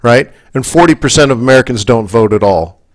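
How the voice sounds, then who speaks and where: His medium-pitched voice is animated and brisk as this Canadian man coaches forex traders live on the markets. He rambles off on tangents, keeps checking in with the audience, and gets heated and emphatic.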